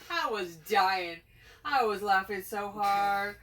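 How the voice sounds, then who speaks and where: A woman's voice: mid-range voice, animated, slow, a bit bright. A woman casually telling a funny family story to her co-host, laughing easily. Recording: distant mic with faint noise.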